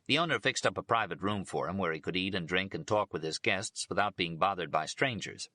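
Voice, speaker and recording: A man narrating a biography audiobook in a steady, unhurried reading voice. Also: sits low, dry recording.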